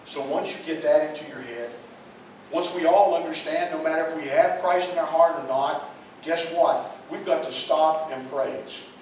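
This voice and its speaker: Man preaching, high voice, very echoey church hall, distant mic, faint hiss. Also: normal speed, darkish tone. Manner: earnest, repetitive, addresses the congregation directly. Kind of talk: sermon. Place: church sanctuary.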